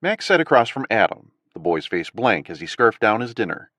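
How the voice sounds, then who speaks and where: A man narrating an audiobook in an expressive, varied storytelling manner. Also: fairly low pitch, moderate pace, no echo, clean studio sound. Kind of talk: scripted narration.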